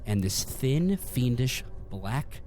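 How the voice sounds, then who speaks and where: A man at a mid pitch narrates as game master for a tabletop game. He tells the story in a vivid, jokey way, with plenty of swearing. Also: very animated, takes it slowly, darkish tone, soft background music.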